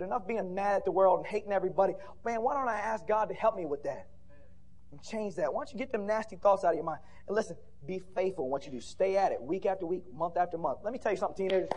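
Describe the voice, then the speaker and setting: A man preaching a fiery sermon at a church conference, building to shouted peaks with repeated rhetorical questions. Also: sits high.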